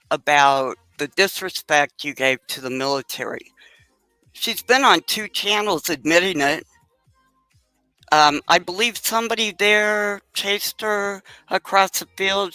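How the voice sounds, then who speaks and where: A woman calling into a livestream, speaking slowly and hesitantly with polite phrasing. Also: fairly low pitch, pushed and bright, smooth, dry recording, rough recording. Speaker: caller on a livestream. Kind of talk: casual call-in chat.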